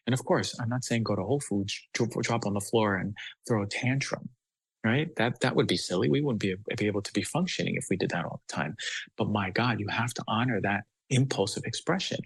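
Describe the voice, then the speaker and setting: This podcast guest is a doctor who speaks emphatically and occasionally imitates children. His voice is fairly low, gravelly, and slightly rough, and the poor-quality audio has no room sound.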